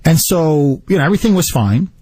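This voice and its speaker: Radio host guy telling a story, husky voice, bouncy pitch. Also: brisk. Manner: animated storytelling, acts out quotes. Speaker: radio talk show host. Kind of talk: talk radio monologue and call-in.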